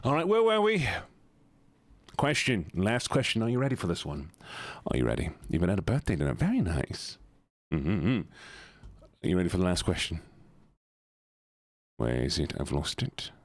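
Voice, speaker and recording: A male streamer with a lowish voice that swings widely up and down as he talks. He chats loosely and jokes with his audience, recorded dry and close with no room sound. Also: sing-song, moderate pace, long pauses, dry recording. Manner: rambling, chatty, joking with viewers. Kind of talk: casual live-stream chat.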